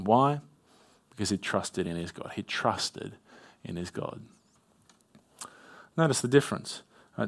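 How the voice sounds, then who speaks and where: A man preaching an expository sermon, reading scripture aloud with rising emphasis and dropping to a soft, low voice on key points.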